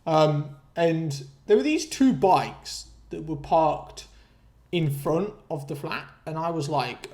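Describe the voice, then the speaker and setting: A young man ranting casually through a story to camera, swearing freely, laughing mid-sentence and jumping up in pitch when outraged. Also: slow pace, darkish tone. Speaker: vlogger.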